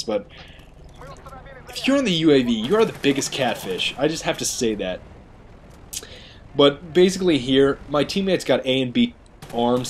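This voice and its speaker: A man talks over his recorded gameplay in a relaxed, meandering way. He drifts between points and laughs at his own mistakes. His voice sits at an ordinary middle pitch, with faint noise behind him. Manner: rambling, self-mocking, chatty. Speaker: gaming commentator. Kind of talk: video game commentary voice-over.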